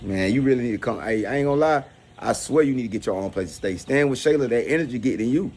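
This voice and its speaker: A man's voice: medium pitch, animated, quick pace, a little mellow. An actor playing a dismissive man who drawls and brushes off his partner, in a comedy skit.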